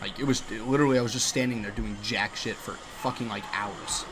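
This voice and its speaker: A young man ranting at home about his restaurant job while playing a game, animated, profane and full of slang. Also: lowish voice, a little fast, noisy background. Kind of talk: casual rant over gameplay.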